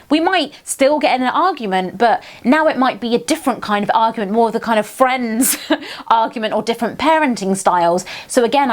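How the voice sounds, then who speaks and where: Chatty young British mum vlogging. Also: female voice, fairly high pitch. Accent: British English. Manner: chatty, earnest, frequent ums and laughs. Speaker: vlogger giving parenting advice. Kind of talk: casual advice vlog.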